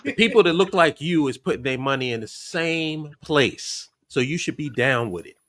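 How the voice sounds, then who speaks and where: A man's voice: on the high side, expressive, moderate pace, a bit bright. A man hosting a casual conversation, talking bluntly and emphatically. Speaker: host.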